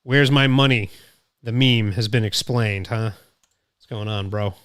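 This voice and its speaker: A man's voice: lowish voice, unhurried, a bit bright, clean tone, dry recording, studio quality. A man from Connecticut hosting a casual live stream, thinking aloud as he reacts to clips online. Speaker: streamer host. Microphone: close studio mic through mixer.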